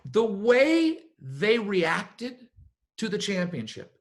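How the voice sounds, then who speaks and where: A man coaching a business team, giving a motivational talk and telling stories in an animated way. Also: sits high, drawn-out words. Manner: animated storyteller, acts out what others said.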